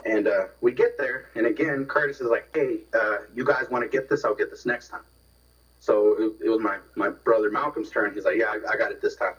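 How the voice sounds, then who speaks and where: A man's voice: lowish voice, fairly quick, a bit bright. A man casually telling a long rambling story, repeating words and swearing as he goes. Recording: distant, dull radio phone-in sound.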